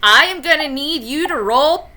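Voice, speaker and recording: A woman's voice: high voice, lively intonation, moderate pace, pushed and bright. A woman running a tabletop game as game master, playful and laughing often.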